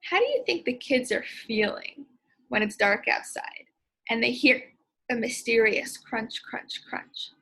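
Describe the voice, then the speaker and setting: A woman teacher explaining and demonstrating expressive reading aloud in a reading lesson. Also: fairly high pitch, unhurried, slightly rough.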